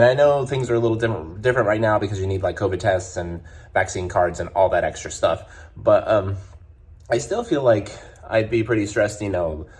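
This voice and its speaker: A slightly low-voiced man rambling to camera. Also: a little mellow. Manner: rambling, many fillers and restarts. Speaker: travel vlogger. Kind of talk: casual chat to camera. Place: hotel.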